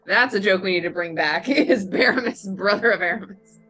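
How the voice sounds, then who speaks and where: A woman's voice: medium pitch, brisk, soft background music. A woman in casual chat with fellow tabletop players, giggly and joking around. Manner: giggly, animated, jokes around.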